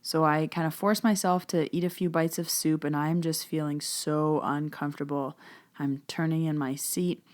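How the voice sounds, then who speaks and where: A woman with a fairly low speaking voice tells her own story as a medium. She talks in a loose, chatty podcast manner, full of "so" and "like", and she slips into a hush when she recalls whispered moments. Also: fairly even intonation, moderate pace. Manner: chatty, many "so" and "like" fillers, hushed when she retells whispered talk.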